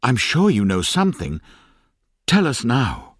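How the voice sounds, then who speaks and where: A firm middle-aged uncle presses with steady questions, his voice moving freely up and down, as a male reader takes him on. Slow and close in a dry recording. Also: mid-range voice, slightly rough, no room sound, pitched above the performer's own voice, heavily acted. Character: stern, probing middle-aged village uncle. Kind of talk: audiobook character reading.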